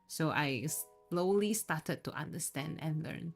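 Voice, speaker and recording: Low-voiced Singaporean woman chatting on stream. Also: expressive, takes it slowly. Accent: Singaporean English. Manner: chatty, laughs often, switches between English, Mandarin and Japanese. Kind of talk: casual live-stream chat with viewers. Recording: faint background music.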